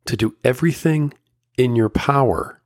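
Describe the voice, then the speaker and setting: A middle-aged man hosting a solo podcast, talking earnestly and emotionally in slow, measured phrases, firm and lecturing at times. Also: mid-range voice, darkish tone, no room sound, studio quality. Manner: firm and lecturing about fatherhood. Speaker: podcast host.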